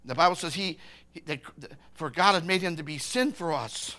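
An older man preaching a sermon, impassioned, swinging from hushed words to shouting. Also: on the high side, normal speed.

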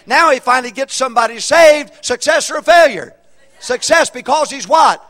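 A middle-aged man preaches to his congregation in an energetic, humorous style. His voice sits high and swings widely in pitch. He keeps throwing questions back to the pews. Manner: animated, humorous, call-and-response preaching. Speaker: pastor. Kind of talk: sermon. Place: church auditorium.

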